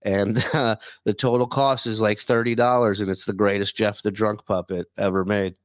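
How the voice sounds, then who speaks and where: A man talking as a guest over a video call, relaxed and chatty with the odd curse. His voice is on the low side. The sound is dry, with no room echo. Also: normal speed. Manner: easygoing, chatty, swears casually. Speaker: guest, former radio show staffer. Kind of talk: casual chat.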